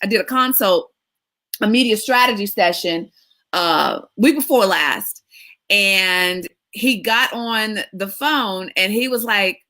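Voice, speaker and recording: A woman media coach hosting a weekly tips video, talking in an excitable, emphatic coaching style. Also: mid-range voice, slow. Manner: excitable, emphatic, lively delivery with laughs. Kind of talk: energetic coaching monologue.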